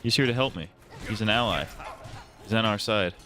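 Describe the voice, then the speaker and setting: Low-voiced man rambling over gameplay. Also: fairly quick, bright, forceful tone, faint music behind. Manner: rambling, joking, casual. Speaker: streamer. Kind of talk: casual gameplay commentary.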